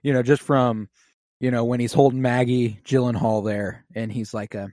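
A man's voice: medium pitch, flat delivery, normal speed, a little mellow, dry recording. Enthusiastic man in dry, close sound. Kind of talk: casual chat.

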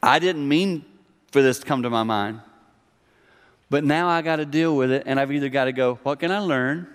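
A man's voice: mid-range voice, normal speed, smooth. A middle-aged man preaching a sermon in a conversational, emphatic way, often acting out the voices of the people he quotes. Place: church hall. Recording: long hall reverb.

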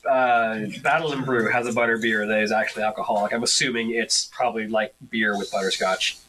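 A man's voice: on the low side, steady tone, a little fast, pushed and bright. Easygoing man running a tabletop game. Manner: easygoing, teasing, prompts players along. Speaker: game master. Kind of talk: casual chat between game turns. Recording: noisy home recording.

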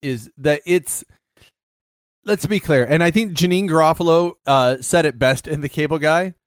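A man's voice: a little high, moderate pace, no room sound, clean studio sound. A middle-aged man in casual chat who tells a story with many restarts and fillers. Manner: animated, full of restarts and fillers.

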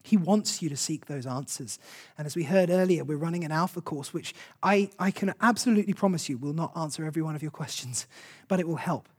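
Breathy preacher giving a sermon. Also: mid-range voice, fast talker, darkish tone. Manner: earnest, conversational, with short repeated phrases.

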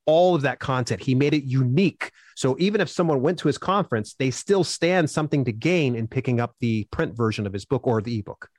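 A man answering interview questions as a self-publishing expert, upbeat and animated, acting out quotes as he tells stories. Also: medium pitch, fairly quick, few pauses, no room sound, studio quality.

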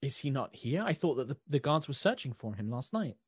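A man's voice: mid-range voice, sing-song, fairly quick, slightly rough, no room sound, clean studio sound, voice pushed up. A man doing a flustered, apologetic noble lady. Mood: puzzled. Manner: breathless, apologetic, stammering. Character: young woman fey-touched noble, flustered and apologetic.

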